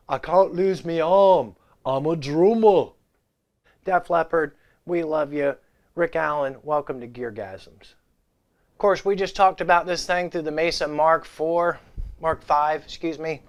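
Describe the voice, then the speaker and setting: A man hosts a casual guitar gear vlog from his home set. His voice sits a bit high, and he rambles through off-the-cuff, irreverent banter and wisecracks aimed straight at the camera. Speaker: guitar gear channel host.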